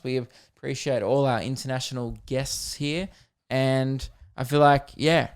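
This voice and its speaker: A man's voice: medium pitch, smooth. A young Australian man hosting a podcast in casual solo chat, rambling and jokey, swearing here and there. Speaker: podcast host.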